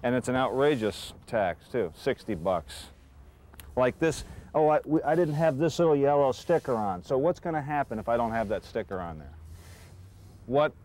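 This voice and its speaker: A man's voice: fairly low pitch, darkish tone, a little hiss or hum. A man who is a comedian, complaining with indignant, exasperated rhetorical questions. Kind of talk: comic complaint in interview.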